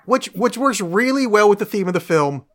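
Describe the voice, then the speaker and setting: A man with a somewhat high voice talks through a film on a casual podcast. He is animated and sarcastic, and he keeps breaking off and restarting his sentences as he picks the plot apart. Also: normal speed. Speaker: podcast co-host. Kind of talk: casual film critique chat.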